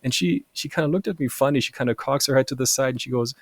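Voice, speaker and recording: A German-born man in his forties, a podcast guest telling casual stories with animated energy and laughing at his own anecdotes. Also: medium pitch, fast talker, no room sound, studio quality. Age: 40s. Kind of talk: casual storytelling.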